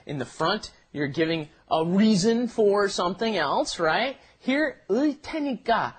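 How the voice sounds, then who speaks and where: A man co-hosts a casual language lesson and talks through grammar points in a chatty, explanatory way. His voice has a husky, slightly breathy edge. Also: sits high, expressive, normal speed. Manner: explanatory, chatty, says "right?" often. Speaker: co-host.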